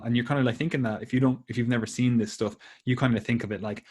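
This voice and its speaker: A man's voice: medium pitch, very fast, few pauses, a little hiss or hum. A man co-hosting a podcast in casual chat, swearing freely and acting out what others say. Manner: swears a lot, animated quoting of others. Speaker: podcast co-host.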